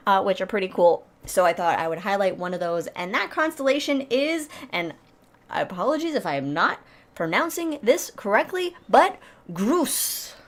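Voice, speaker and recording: A woman co-hosting a podcast, chatting casually and jokingly about astronomy, with lots of fillers and restarts. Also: fairly high pitch. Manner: rambling, jokey, many fillers and restarts. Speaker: podcast co-host.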